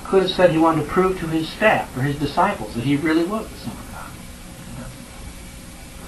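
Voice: mid-range voice, a little hiss or hum, low-quality recording. Conversational Bible class teacher. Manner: conversational, retells scripture in everyday words, checks in with the class.

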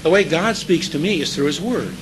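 A man preaching in a relaxed, conversational way, pitched a little above the usual male range. He keeps checking in with his listeners and circles back to the scripture lines he stresses. A faint hiss sits under the voice. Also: brisk, rough recording. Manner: repeats key scripture phrases for emphasis. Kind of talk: sermon.

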